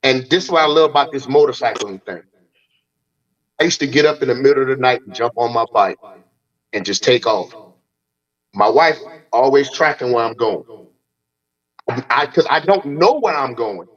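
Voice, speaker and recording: A man's voice: mid-range voice, animated, normal speed, pauses often. Blunt-talking man with a dull, lo-fi sound. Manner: blunt, profane, acts out quoted exchanges. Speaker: host. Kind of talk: casual podcast conversation.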